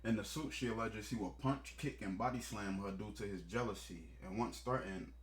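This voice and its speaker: A man with a fairly low voice talks through a story in casual reaction commentary. He breaks off into joking, profane asides and speaks bluntly. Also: normal speed. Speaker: commentary host.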